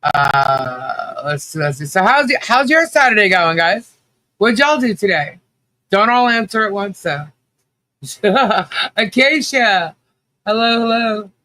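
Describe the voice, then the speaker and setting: A man's voice: sits high, expressive, slow, bright, forceful tone. A man hosting a casual livestream chat, greeting viewers by name, a little nasal from allergies and chatty with frequent laughs. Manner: chatty, laughs often, many fillers and restarts. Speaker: livestream host.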